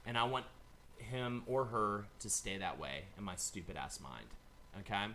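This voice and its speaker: Bright-voiced man rambling profanely. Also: lowish voice, very animated, normal speed, slight background noise. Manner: profane, rambling, shifts into loud bits. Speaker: host. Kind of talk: casual live-stream chat.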